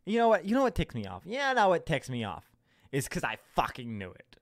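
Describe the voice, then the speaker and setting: With a slightly high voice whose pitch swoops wildly, a young man rants fairly quickly on his own podcast. Though recorded at home, the sound is clean and echo-free. He's sarcastic and foul-mouthed, laughs mid-sentence, and mimics others mockingly.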